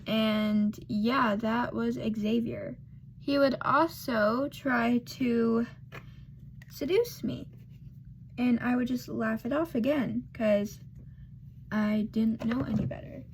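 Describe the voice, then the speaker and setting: A woman's voice: a little high, takes it slowly, slight background noise. A woman vlogger telling a casual storytime while doing her makeup, rambling and losing her thread with lots of fillers.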